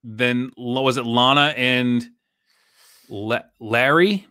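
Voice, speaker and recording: A man co-hosting a casual podcast, animated and rambling, laughing often. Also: medium pitch, slow, clear, resonant tone, dry recording, studio quality. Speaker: podcast co-host. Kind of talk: casual chat.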